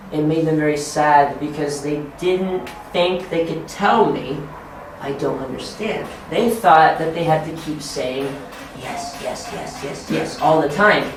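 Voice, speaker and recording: An American man giving an informal teacher training talk, animated and laughing as he acts out quotes. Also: fairly high pitch, unhurried, slight background noise. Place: training room. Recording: echoey room, mic far off.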